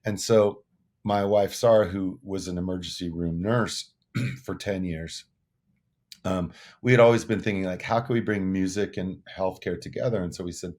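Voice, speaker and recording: Deep-voiced man in his sixties. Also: darkish tone. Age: 60s. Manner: earnest, reflective, repeats words as he gathers thoughts. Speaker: musician guest. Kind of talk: casual interview storytelling.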